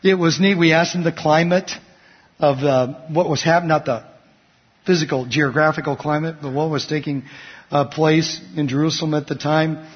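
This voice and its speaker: Husky-voiced male preacher in a reverberant hall. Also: a little high, steady tone, normal speed. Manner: conversational preaching with rhetorical questions and personal stories. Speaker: pastor. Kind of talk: sermon. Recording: dull lo-fi recording in a reverberant hall.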